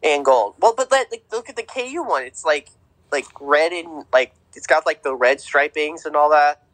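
A man's voice: on the high side, lively intonation, moderate pace, fairly bright tone, no echo, rough recording. A man co-hosting a podcast, chatting casually about sports with lots of fillers and restarts. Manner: rambling, with many fillers and restarts. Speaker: podcast co-host.

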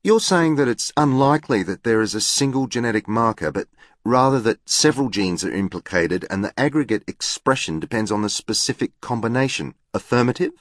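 A man's voice: medium pitch, lively intonation, brisk, dry recording, clean studio sound, pitched above the performer's own voice, close to an everyday voice. A man reading aloud, voicing an earnest boy of about twelve who asks a precise question. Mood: inquisitive.

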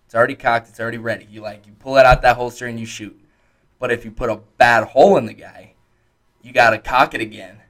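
A man's voice: mid-range voice, fairly even intonation, fast, fairly bright tone. A young man co-hosting a podcast in casual chat, laid-back and profane, dropping "dude" and "like" often. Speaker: podcast co-host.

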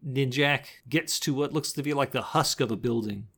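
A man's voice: medium pitch, vocal fry, a bit bright, slightly rough. A man co-hosting a podcast, casually recapping a movie scene by scene, laughing often and briefly acting out the characters' lines. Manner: laughs often, recounts scenes with quick impressions. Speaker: podcast co-host.

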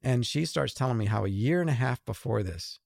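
A man's voice: mid-range voice, expressive, brisk, creaky, darkish tone, no echo, studio quality. A middle-aged man, an author and guest, telling a story in casual conversation and acting out the dialogue.

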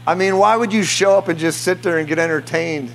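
A man preaching a charismatic sermon to a congregation in a church, fervent, breaking into shouts and laughter. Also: fairly high pitch, a little fast, gravelly, soft background music. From United States. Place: church meeting before a congregation.

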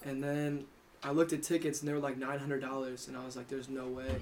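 An easygoing young man banters on a podcast, throwing in quick asides in a middle-pitched voice. A faint background noise sits under his talk. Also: flat delivery, a little mellow. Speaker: podcast host. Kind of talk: casual chat.

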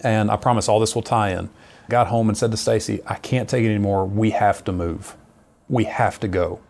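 A middle-aged man, a missionary, telling his personal testimony in an earnest, lively conversational way. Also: fairly low pitch, brisk. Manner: earnest storyteller, lively retelling.

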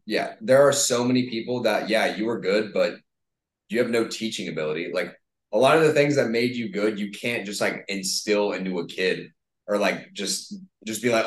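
A man's voice: on the low side, normal speed. A young man from Florida co-hosting a podcast, chatting loosely and saying "like" all the time. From Florida, USA. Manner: loose, filler-heavy talk, says "like" constantly. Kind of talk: casual podcast chat. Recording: roomy echo.

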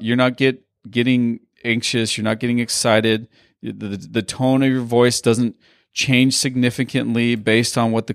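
Gravelly man coaching a sales team. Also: fairly low pitch, no room sound, studio quality. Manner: rambling, repeats words, asks "right?" a lot. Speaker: sales trainer. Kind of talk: sales training talk on a group call.

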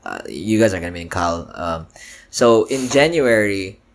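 A man chatting casually as a guest, speaking haltingly with many restarts. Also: low-pitched, animated. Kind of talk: casual chat.

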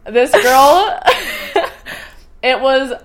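A woman's voice: sits high, expressive, extremely slow. A young woman co-hosting a casual chat podcast, teasing and telling stories. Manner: teasing, storytelling. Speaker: podcast co-host.

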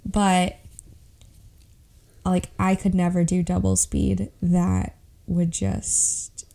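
A woman co-hosts a podcast in relaxed, self-deprecating chat. Her voice is dark and mellow with a gravelly rasp. She talks slowly and stretches out her words. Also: on the low side. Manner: laid-back, self-deprecating, slow and drawn out. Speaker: podcast co-host. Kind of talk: casual chat.

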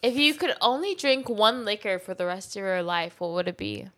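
Playful woman guest on a podcast, bright voice, bouncy up and down, swears a lot. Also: mid-range voice, expressive, moderate pace. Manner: playful, teasing, swears freely. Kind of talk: casual chat.

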